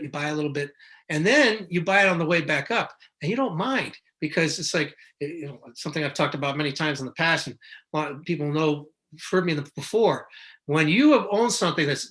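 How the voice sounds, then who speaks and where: A man's voice: a little high, expressive, a little fast, sharp tone. A middle-aged man who is a market analyst, talking casually and rambling, with many restarts and self-corrections, now and then mimicking panicked investors. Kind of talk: casual explanatory talk.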